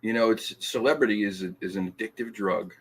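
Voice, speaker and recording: A man's voice: lowish voice, brisk. A man hosting a casual live stream, reading comments aloud, teasing and laughing often with stumbling restarts. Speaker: podcast host reading live chat.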